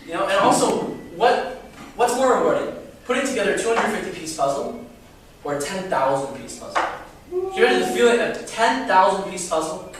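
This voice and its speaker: High-voiced young man in an echoey room. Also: very animated, fairly quick, far from the mic, background noise. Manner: chatty, rhetorical questions, stumbles and repeats. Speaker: student lecturer. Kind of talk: informal class talk. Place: classroom with a live audience.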